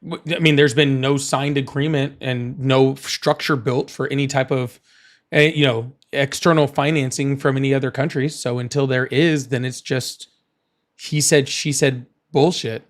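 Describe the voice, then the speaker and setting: A young man hosting a casual political debate, blunt and argumentative, with rough, profane language. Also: medium pitch, steady tone, normal speed. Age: young adult. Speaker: political show host.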